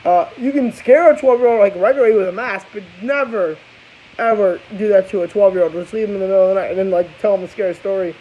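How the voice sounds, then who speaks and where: A man's voice: high-pitched, fast. A tired young man casually reviewing a book and its episode, rambling and swearing, with many restarts. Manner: rambling, profane, restarts a lot. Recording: dull hissy home recording.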